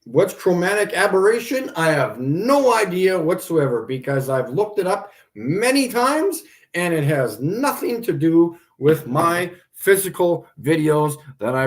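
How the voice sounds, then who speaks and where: A man hosting a livestream, ranting sarcastically and with exasperation as he answers viewers' comments. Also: on the high side. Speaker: livestream host. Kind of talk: ranting live stream commentary.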